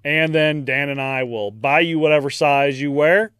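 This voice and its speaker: A man with a Midwestern American accent co-hosting a podcast, joking and laughing as he reads shout-outs. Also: fairly even intonation, normal speed, clear, resonant tone, no echo, clean studio sound. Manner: jokey, laughs a lot, swings pitch widely. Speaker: podcast co-host. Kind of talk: casual podcast chat with plugs.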